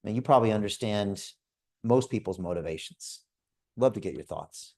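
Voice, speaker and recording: A man in his fifties hosts a live video call. He pitches hard and persuasively, with an energetic, storytelling manner. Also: normal speed. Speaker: host.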